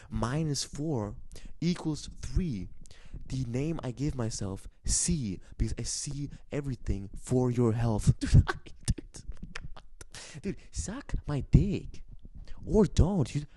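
A man's voice: mid-range voice, mellow, dry recording. A young man rambling boastfully to his audience, profane and swaggering, breaking into laughs. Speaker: channel owner ranting to camera.

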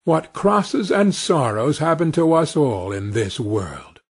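A man reading a fairy tale aloud for English learners, very slowly and with plenty of expression. His voice is slightly husky and fairly high, and his pitch rises and falls a lot. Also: sing-song. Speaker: storyteller. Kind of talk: storybook narration for English learners.

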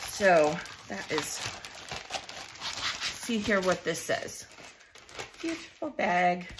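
A woman's voice: fairly high pitch, noisy background. A woman vlogger unboxing scrapbooking supplies at her craft desk, gushing and emotional, laughing often in casual chat.

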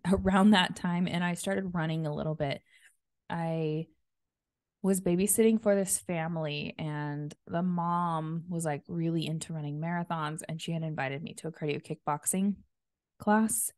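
On the low side with a darkish tone, this woman's voice comes through in echo-free studio quality. The thirtysomething podcast host talks solo and casually, upbeat and energized after a workout, using lots of filler words.

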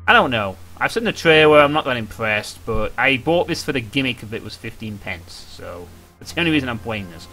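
A man's voice: mid-range voice, big pitch swings, brisk, few pauses, bright, forceful tone, faint music behind. A young man commentating a horror game, wry and jokey, breaking into yelps and laughter. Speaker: gaming streamer.

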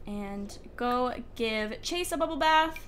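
Taking it slowly, a young gaming YouTuber commentates a life-sim game from her home, chatty and giggly as she talks to her characters. Her voice is a little high and a bit bright, with lively intonation. Faint outdoor ambience comes through the open window, along with slight background noise.

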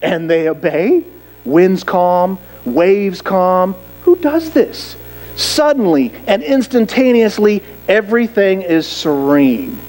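A man preaching a sermon as pastor, lively and dramatic, acting out quoted voices and asking rhetorical questions. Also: high voice, slow pace, low-quality recording.

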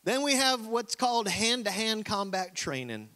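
A man's voice: high voice, big pitch swings, moderate pace, bright, forceful tone, pitched above the performer's own voice, exaggerated voice. A man voicing a naive young male country-boy Marine recruit with a put-on Southern accent, reading his letter home in a folksy drawl. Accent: American Southern (put on). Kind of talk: comic letter reading in a sermon.

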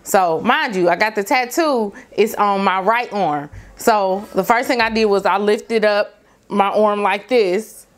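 Woman, middle-aged, vlogger, storytime, animated, slangy, direct to viewers. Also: medium pitch, unhurried. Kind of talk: storytime vlog, casual storytelling.

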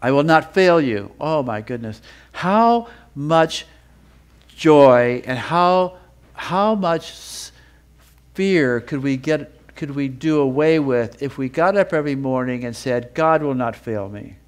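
A man teaching a sermon with feeling, building up with repeated phrases and reading scripture in a slower, lower voice. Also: lively intonation. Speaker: Bible teacher.

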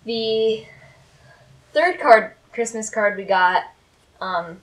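Friendly higher-voiced woman thanking viewers. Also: expressive, extremely slow. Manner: friendly, hesitant with fillers. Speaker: family vlog co-host. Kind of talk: casual chat.

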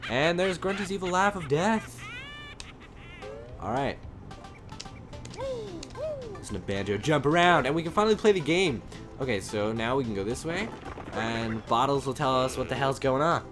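A man hosting a let's play, commentating in an energetic, rambling, laughing way. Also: medium pitch, normal speed, long pauses, over music. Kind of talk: game commentary.

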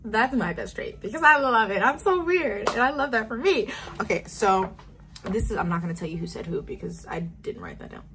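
A woman's voice: a little high, lively intonation, fairly quick, noisy background. An eighteen-year-old woman chatting casually in a get-to-know-me vlog, bubbly and wandering off on tangents. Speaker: vlogger.

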